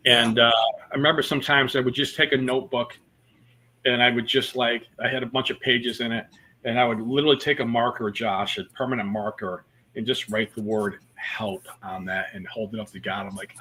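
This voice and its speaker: Interview guest: a man with a bright, forceful voice, a comic storyteller. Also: medium pitch, steady tone, fairly quick, slightly rough. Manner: storytelling with jokes and many fillers. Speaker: comedian guest. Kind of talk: casual interview chat.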